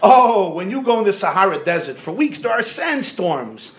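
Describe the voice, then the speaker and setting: A man's voice: sits high, very animated, normal speed. A man voicing a patient mother camel who explains things to her young during a story in a sermon. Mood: explaining.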